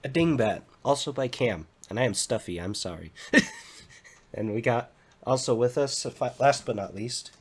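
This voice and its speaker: A man chats on a friends' podcast while getting over a cold, so his nose sounds blocked. His voice comes out husky and a little rough. He keeps it low-key and easygoing. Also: expressive, moderate pace. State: stuffed up from a cold. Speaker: podcast co-host. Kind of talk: casual chat among friends.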